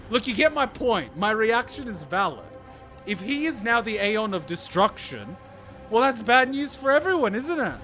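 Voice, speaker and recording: A man reacting to a game story, ranting excitedly and swearing heavily. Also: sits high, normal speed, soft background music. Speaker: reaction streamer.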